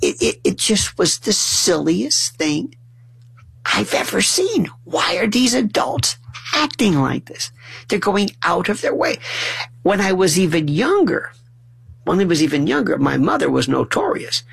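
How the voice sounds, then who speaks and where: A middle-aged man telling funny family stories in a lively way, often stumbling and restarting his words. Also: sits high, a little slow, vocal fry, slightly rough, low-quality recording. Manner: animated, acts out family dialogue in shifting voices. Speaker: storyteller. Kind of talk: humorous personal storytelling monologue.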